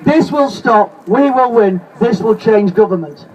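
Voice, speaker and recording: A man's voice: high-pitched, lively intonation, a little slow, dull audio. A man from Lancashire, giving an impassioned anti-fracking speech at an outdoor protest and repeating rallying cries. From Lancashire, England. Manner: repetitive rallying cries, shouting to the crowd. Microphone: camera held in the crowd, away from the speaker. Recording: distant outdoor recording with crowd noise.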